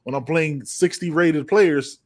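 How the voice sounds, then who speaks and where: A man from the United States co-hosting a casual sports podcast, rambling and animated, swearing freely. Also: fairly high pitch, unhurried. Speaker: podcast co-host.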